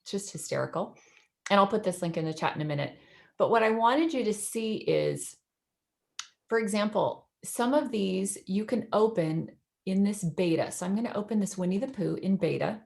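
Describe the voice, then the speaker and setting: A woman's voice: mid-range voice, lively intonation, moderate pace, creaky. A woman educator giving a chatty, enthusiastic screen-share demo over a video call, laughing often. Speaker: educator presenting in a webinar.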